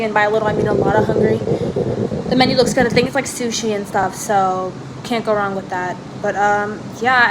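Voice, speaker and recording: A woman's voice: mid-range voice, very noisy. A young woman talking casually to camera as a travel vlogger, chatty and blunt, swearing freely, over background music. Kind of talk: casual vlog talk to camera.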